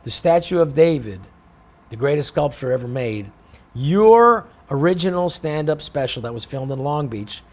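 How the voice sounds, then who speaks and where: A man's voice: on the high side, lively intonation, moderate pace. A man from San Francisco, a show guest, telling rambling anecdotes, acting out other people's voices and swearing freely. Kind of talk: animated storytelling.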